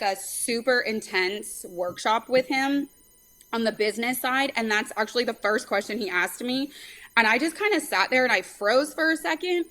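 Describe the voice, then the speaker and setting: A woman from California, a softball pitching coach and a mother, talking earnestly as a guest in an interview, quick to fill pauses with "um" and "like". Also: poor audio. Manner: talkative, earnest, many fillers. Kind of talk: casual interview chat.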